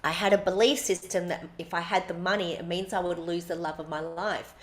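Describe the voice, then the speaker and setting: A woman's voice: on the low side, fairly even intonation, a little fast. Woman podcast co-host, blunt, emphatic storyteller, swears casually. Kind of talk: casual chat, personal storytelling.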